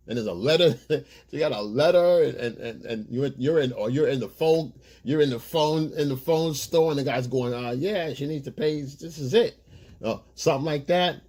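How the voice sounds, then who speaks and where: Husky-voiced man giving casual advice. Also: mid-range voice, darkish tone. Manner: loose, rambling street-style talk addressed to "guys". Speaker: relationship coach.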